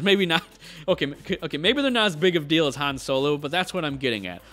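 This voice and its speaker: Animated, passionate male game commentator. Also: fairly high pitch. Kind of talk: opinionated rant.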